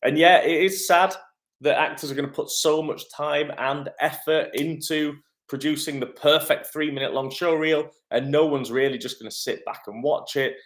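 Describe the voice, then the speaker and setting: A man's voice: fairly high pitch, steady tone, normal speed. A man, an acting coach running a live-stream Q&A from his home kitchen, chatty and upbeat with lots of ums. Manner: chatty and upbeat, many "um" fillers. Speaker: acting coach and agency head.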